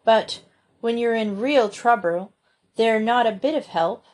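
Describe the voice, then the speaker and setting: A woman's voice: on the high side, a little slow, darkish tone, pitched above the performer's own voice, lightly acted. A woman voicing a blunt girl storyteller who speaks drearily and bitterly. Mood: dreary.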